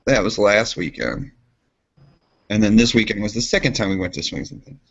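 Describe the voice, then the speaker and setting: A man co-hosting a casual podcast, telling a rambling story and jumping into high voices for quotes. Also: moderate pace, breathy edge. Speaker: podcast co-host. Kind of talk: casual chat. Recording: dull lo-fi sound.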